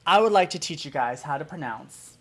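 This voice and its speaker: A man's voice: a little high, brisk, husky. Chatty, exasperated man from Germany. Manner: chatty and animated, with exasperated pet-peeve ranting. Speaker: YouTuber. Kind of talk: casual vlog lesson.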